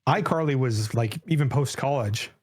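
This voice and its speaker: A man's voice: mid-range voice, moderate pace. A man co-hosting a stream, relaying viewer comments in a wry, casual way. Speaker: co-host reading chat. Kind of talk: casual chat.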